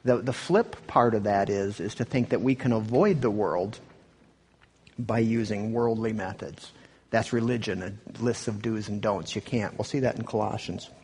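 Husky man preaching conversationally. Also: fairly low pitch, moderate pace, darkish tone, in a large hall. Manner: conversational, self-interrupting, rhetorical "right?". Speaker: pastor. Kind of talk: sermon with commentary on clips.

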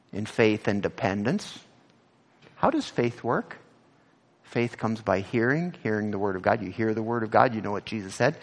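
A male pastor preaching an animated sermon. He asks the congregation direct questions and rises to emphatic peaks when he quotes scripture. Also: fairly low pitch, in a large hall.

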